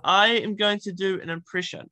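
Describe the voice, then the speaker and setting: A woman hosting a casual game-style interview, bubbly and teasing and quick to giggle. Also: medium pitch, fairly even intonation, bright, forceful tone, no room sound. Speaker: interview host.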